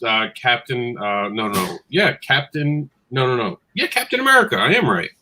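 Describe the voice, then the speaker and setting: A man with a bright, forceful voice talks about comics like an eager fan, pushing back playfully and teasing. There is faint room noise behind him. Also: mid-range voice, big pitch swings, moderate pace, rough recording. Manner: enthusiastic, playfully argumentative fan. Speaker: podcast co-host. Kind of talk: casual discussion.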